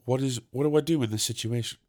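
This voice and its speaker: A young man spins a comic anecdote for his podcast in an animated, self-assured style. His voice sits at a middle pitch, and he builds toward exasperated, punchy outbursts. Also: fast talker. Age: young adult. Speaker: podcast host. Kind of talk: comic storytelling.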